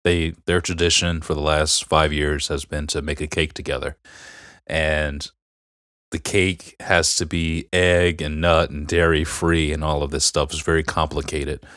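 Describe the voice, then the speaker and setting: A middle-aged man with a deep, low voice talks in a casual podcast chat. He tells family stories earnestly, rambling a little and leaning on fillers. The sound is dry and close, with no room around it. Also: flat delivery, a little slow, a bit bright, smooth, no echo. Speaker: podcast co-host.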